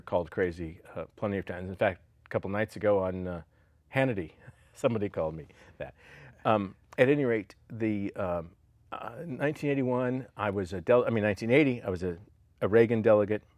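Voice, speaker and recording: A man's voice: sits low, dry recording. A man in his sixties, a former politician telling stories in an interview, acting out the voices of people he quotes. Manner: animated, acts out quoted voices and laughs often. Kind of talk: storytelling interview.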